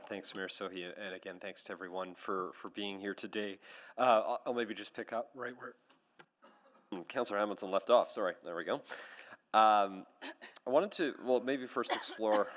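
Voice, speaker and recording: Man, city councillor at a hearing. Very low voice, friendly, hesitant, repeats himself. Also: moderate pace, fairly bright tone. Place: council chamber.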